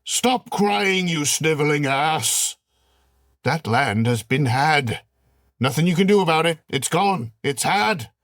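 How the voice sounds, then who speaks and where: A man's voice: fairly high pitch, expressive, takes it slowly, fairly bright tone, no echo, studio quality, voice pushed up, full character voice. A man voicing a tentacled alien invader who hisses and taunts a general. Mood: gloating. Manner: hissing, taunting, theatrical. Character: male tentacled alien invader, gloating and mocking.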